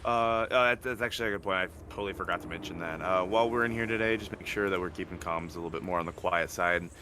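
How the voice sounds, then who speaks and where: A man with a very low voice gives instructions to his roleplay group in casual voice chat. He hesitates often and fills the gaps with fillers. Loud background noise runs throughout. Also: fast talker.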